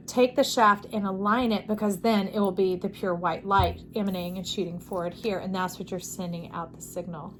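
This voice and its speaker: A woman giving an intuitive tarot reading, playful and affectionate, who swings between sing-song enthusiasm and soft, hushed tones. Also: medium pitch, slight background noise. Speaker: tarot reader.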